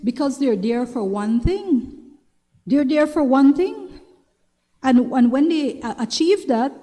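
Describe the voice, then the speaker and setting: Belizean woman talk show host, casual advice monologue, chatty and repetitive; warm higher voice, reverberant room. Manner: chatty, repeats herself, asks "you understand?". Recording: long reverberant room sound.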